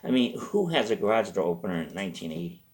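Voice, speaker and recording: A man's voice: low voice, big pitch swings, quick pace, darkish tone. A man hosting a show, telling a rambling comic story from his youth with lots of asides. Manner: rambling, self-interrupting. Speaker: host. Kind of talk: comedic storytelling.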